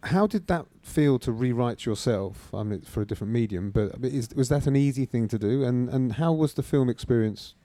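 A man asks interview questions in a warm, mellow voice, recorded dry and close. He stumbles a little and rephrases as he goes. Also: mid-range voice, moderate pace, few pauses, dry recording.

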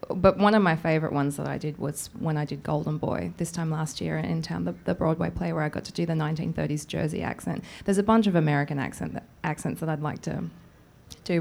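A woman's voice: low voice, steady tone, a little fast, vocal fry, darkish tone. A woman, an actress from Australia, answering fan questions at a panel in a giggly, bashful, easygoing way.

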